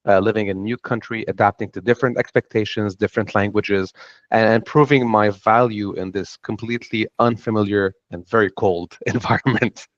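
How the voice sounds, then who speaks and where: A middle-aged Lebanese man with a Lebanese accent speaks earnestly on a panel, reflectively telling the story of his own path. His fairly low voice is steady and brisk, and the recording sounds dull and dry.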